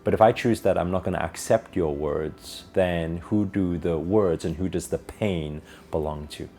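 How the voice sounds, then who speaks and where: A man voicing a calm, patient old sage who teaches by asking measured questions. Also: deep voice, soft background music.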